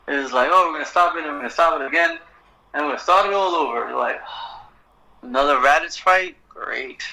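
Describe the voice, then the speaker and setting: Middle-aged man, bright tense voice, loose swearing podcast storyteller. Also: on the high side, gravelly, low-quality recording. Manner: animated, profane storyteller, acts out exchanges. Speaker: poet and guest. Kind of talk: casual podcast conversation.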